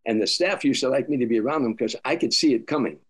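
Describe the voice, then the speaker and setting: An older comedian telling stories in an interview, animated, acting out quotes, with frequent stammers and restarts. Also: male voice, medium pitch, quick pace, slightly rough. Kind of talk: storytelling interview.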